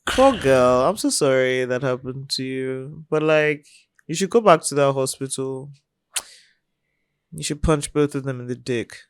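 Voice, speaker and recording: A woman, co-hosting a podcast in casual chat, blunt and outspoken and quick to react. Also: extremely low pitch, clean tone, no echo, studio quality. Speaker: podcast co-host.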